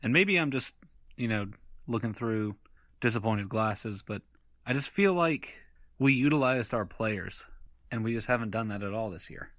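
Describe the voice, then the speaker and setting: A man's voice: lowish voice, expressive, normal speed, a bit bright, no echo. A man co-hosting a casual sports podcast with a dry, sarcastic, downbeat manner. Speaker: podcast co-host.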